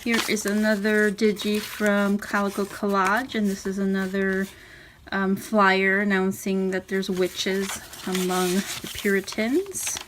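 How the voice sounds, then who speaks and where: A woman casually talking through a handmade journal she is showing page by page, relaxed and chatty. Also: mid-range voice, slow. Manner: chatty, relaxed, with fillers and soft laughs. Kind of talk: casual craft walkthrough. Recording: audible background noise.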